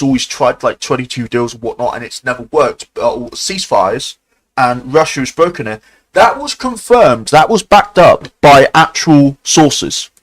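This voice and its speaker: Angry, slow-talking male streamer. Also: mid-range voice, low-quality recording. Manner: heated, swearing, halting with many restarts. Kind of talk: angry live-stream rant.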